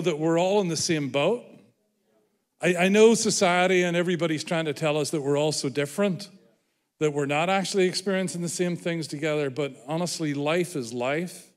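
A man with an Irish accent preaching a sermon in a church, joking with the congregation about himself. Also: a little high. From Ireland. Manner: self-deprecating, joking with congregation. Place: church hall. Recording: reverberant church hall.

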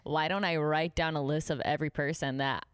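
A young woman from Buffalo telling a workplace story in casual chat. Her voice is low and smooth, with a crisp, dry sound close to the mic. She acts out the people in her story and swears freely. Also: fairly even intonation, brisk, no echo. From Buffalo, New York.

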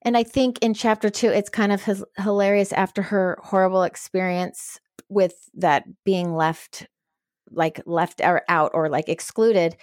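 A woman discusses a book with her co-host in an animated, chatty way. Her voice is at a middle pitch for a woman. The recording is dry and close. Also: unhurried, no room sound. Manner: animated, chatty, reacts with disgust and laughter.

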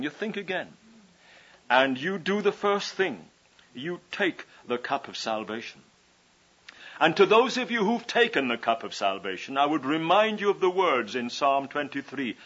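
A man's voice: medium pitch, very animated, moderate pace, a bit bright. A man preaching a sermon, earnestly pleading with his listeners and repeating phrases for emphasis. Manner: earnest, pleading evangelistic appeal. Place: conference hall. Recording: dull lo-fi 1981 conference tape.

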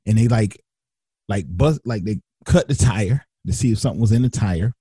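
A man tells a story in a husky, dark voice that leaps high whenever he acts out what others said. He keeps restarting sentences and slips into slang. The sound is close and dry, with no room around it. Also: moderate pace, dry recording. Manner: acts out others' lines with big pitch jumps, frequent restarts and slang. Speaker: guest telling a personal story. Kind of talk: animated storytelling.

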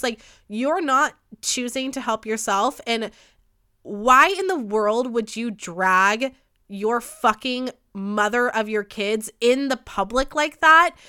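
A young woman hosting a podcast, ranting in a casual, profane, gossipy way with fast bursts and a lot of heat. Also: on the high side, pushed and bright, smooth. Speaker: podcast host. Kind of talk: casual solo podcast rant. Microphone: studio microphone.

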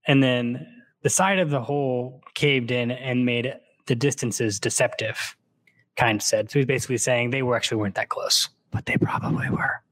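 A man co-hosting a book podcast, casually retelling and reading passages aloud, slipping into quick character quotes. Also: medium pitch, steady tone, fairly bright tone, dry recording.

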